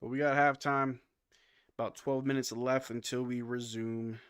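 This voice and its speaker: A man calls a basketball game for his stream audience in a loose, casual way, reading off stats and answering chat between plays. His voice sits at a middle pitch and sounds dry and close to the mic. He sounds a bit sleepy. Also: normal speed, clean tone, no echo. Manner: relaxed, reads stats and replies to chat. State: yawning, sleepy. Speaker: live stream watch-along host. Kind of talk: casual play-by-play commentary with chat.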